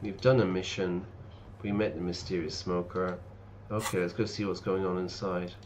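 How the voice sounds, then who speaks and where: A man's voice: low voice, steady tone, moderate pace, darkish tone, a little hiss or hum. A man, an English teacher, chatting casually and explaining words while streaming a game. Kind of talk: casual let's-play commentary.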